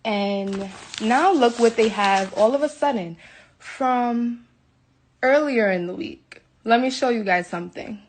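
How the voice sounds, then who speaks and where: A woman's voice: a little high, measured pace. Indignant woman ranting into her phone. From United States. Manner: agitated, indignant, repeats herself. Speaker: livestreamer. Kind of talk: emotional live video rant. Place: hotel room.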